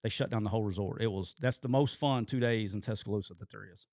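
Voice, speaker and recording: A man, co-hosting a show and telling a long story in an animated way, swearing casually. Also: on the low side, fast talker, dry recording, studio quality. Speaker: co-host telling a coaching story.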